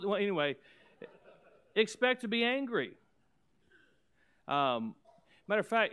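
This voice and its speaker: Fervent male preacher, higher voice. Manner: fervent preaching with loud emphatic swells and quick asides. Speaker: pastor. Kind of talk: preaching a sermon.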